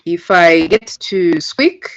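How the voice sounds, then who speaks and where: A Ugandan woman leads an online coding class, giving patient step-by-step explanations full of fillers. Her voice is low-leaning and expressive, at a slow pace, heard over dull lo-fi call audio.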